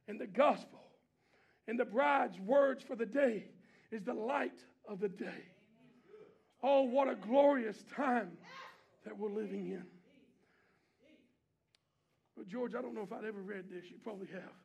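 A man with a strikingly high, gravelly voice preaches a sermon to his congregation in a church. He calls out to the listeners again and again, swinging from shouted exhortation to quiet, hushed lines. His tone is fervent and pastoral. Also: moderate pace. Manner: impassioned preaching, swings between shouting and hushed, low delivery; repeated call-and-response exhortations to the congregation.

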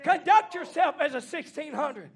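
A man preaching a fiery revival sermon, shouting in rhythmic repeated phrases and calling out to the congregation. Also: extremely high pitch, lively intonation, normal speed. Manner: shouting, rhythmic repetition, call-and-response exhortation. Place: church banquet hall.

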